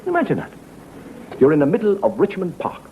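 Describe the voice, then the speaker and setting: A man spins comic stories in a wry, conversational monologue, building each one toward its punchline. His pitch is a little high and swoops a lot. The old television audio is muffled, with clear background noise. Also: huge pitch swings, fairly quick. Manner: wry storytelling with punchlines and asides. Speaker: comedian and host. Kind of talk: stand-up monologue. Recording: dull, noisy old TV audio.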